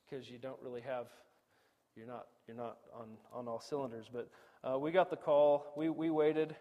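A middle-aged man preaching a sermon, animated, swinging between loud emphasis and quiet asides, often acting out quoted dialogue. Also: medium pitch, measured pace, pauses often. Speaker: pastor.

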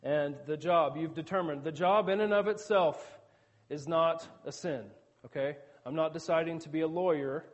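A man's voice: on the high side, moderate pace, dull audio. A man preaching a sermon in an earnest, conversational teaching manner, with asides to the congregation.

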